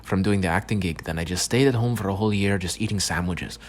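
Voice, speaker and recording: Brief: young male podcaster, deep low voice, loose profane rambling monologue, frequent false starts. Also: fast, a little hiss or hum. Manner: rambling, profane, stumbling restarts. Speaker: podcast host. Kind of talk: casual solo podcast monologue.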